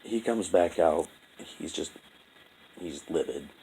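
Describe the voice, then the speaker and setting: A young man telling a painful personal story in a halting, profane, heavy-hearted monologue. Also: low voice, expressive, mellow, slight background noise, low-quality recording. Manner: halting, profane, full of restarts and fillers. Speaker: vlogger.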